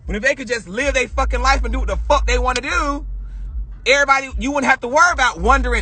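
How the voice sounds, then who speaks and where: A man's voice: extremely high pitch, racing, bright, forceful tone, a little hiss or hum. A young man in a heated, emphatic rant to his viewers, swearing often and talking straight to them, recorded on a phone in a parked car. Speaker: vlogger. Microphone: phone camera.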